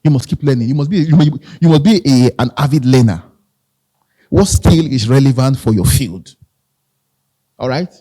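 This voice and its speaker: A man's voice: mid-range voice, animated, moderate pace, long pauses, dark tone, husky. A man with a Nigerian accent giving a live motivational talk, conversational, repeating phrases and asking the audience questions. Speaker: motivational speaker.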